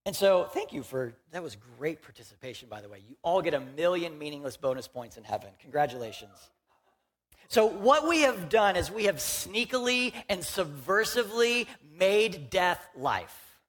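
A man's voice: a little high, sing-song, moderate pace, a bit bright. A young man from Houston, Texas, giving a conversational, joking sermon as a pastor in a church and talking directly to the congregation.

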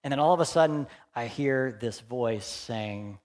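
A young adult male pastor preaching a sermon, animated and humorous, then dropping to hushed, earnest asides. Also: mid-range voice, measured pace.

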